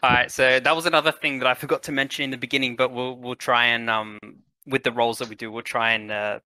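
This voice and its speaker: A man's voice: mid-range voice, fairly even intonation, quick pace, sharp tone, dry recording. A man acting as game master, narrating a tabletop game in a loose, partly improvised way. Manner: loose, hesitant, with fillers when improvising.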